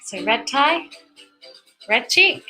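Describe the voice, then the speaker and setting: A woman's voice: high-pitched, very animated, slow pace, bright, forceful tone, soft background music, low-quality recording. A young woman giving a chatty, encouraging step-by-step painting lesson for kids while she paints. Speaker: painting instructor.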